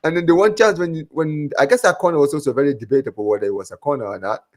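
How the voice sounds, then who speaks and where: A man's voice: a little high, very fast. A man hosting a live football watch-along, reading out viewer comments and joking with his co-hosts in a casual way. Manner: reads out viewer comments, banters with co-hosts, says "man" and "bro" a lot. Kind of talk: casual live-stream chat.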